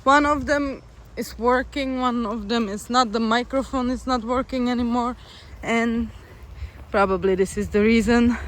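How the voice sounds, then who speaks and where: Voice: mid-range voice, fairly even intonation, measured pace, a bit bright, poor audio. A young adult hiker chatting casually and wryly to the camera while walking outdoors by a road. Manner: chatty, easygoing, wry. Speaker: long-distance hiker, vlogger. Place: outdoors by a road in a town, windy. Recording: wind and traffic noise outdoors. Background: wind and passing vehicles.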